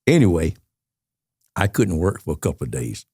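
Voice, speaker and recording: A man's voice: a bass voice, lively intonation, fast talker, a little mellow, slightly rough, no room sound, clean studio sound. A man in his eighties with a Southern US accent, a podcast guest telling long rambling stories and laughing as he goes. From Georgia, USA. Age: 80s. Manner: colorful rambling storyteller, laughs as he tells it. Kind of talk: storytelling interview.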